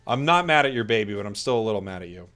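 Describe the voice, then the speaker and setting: A man's voice: lowish voice, expressive, fairly bright tone. A man casting an esports tournament, joking with his stream chat in mock outrage during a break, stammering and restarting. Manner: stammering restarts, quick laughs.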